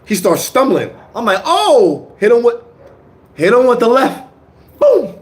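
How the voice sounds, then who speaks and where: A man tells a street story in casual slang, unhurried but with huge pitch swings. He swings between low mutters and loud outbursts, repeating words as he goes.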